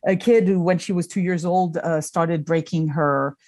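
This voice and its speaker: A woman's voice: fairly low pitch, steady tone, moderate pace, darkish tone. A middle-aged woman in casual conversation as a guest, telling an emotional personal story with candor and dry humor. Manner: candid, emotional, storytelling with self-deprecating humor.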